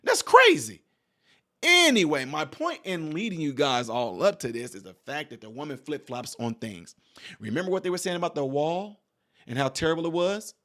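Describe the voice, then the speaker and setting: Man, channel host, high voice, casual political commentary, animated, digressive. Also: a little fast.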